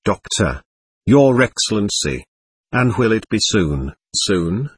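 A broken, terrified captain who falters and pleads in a low, hushed voice, as a man voices him in an audiobook. The voice is husky, and the reading is dry and close. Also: big pitch swings, slow, no echo, full character voice. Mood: pleading. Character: terrified pleading poor old army captain. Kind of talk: audiobook character voice.

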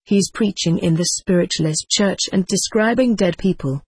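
A woman voicing a young woman who speaks in a hushed tone. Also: lowish voice, normal speed, husky, no room sound. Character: young woman, anxious sister.

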